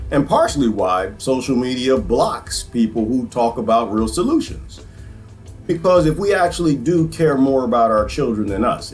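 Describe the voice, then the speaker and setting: Animated man hosting a podcast. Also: mid-range voice. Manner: animated, preachy, folksy. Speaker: podcast host. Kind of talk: commentary on played clips.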